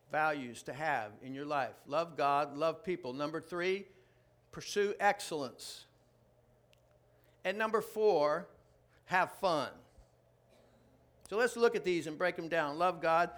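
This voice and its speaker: A man with a high, light voice preaches to a congregation. He delivers a joking, animated sermon that swings into loud bursts of emphasis. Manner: jokey, animated preaching with sudden loud outbursts. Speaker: pastor. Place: church before a live congregation.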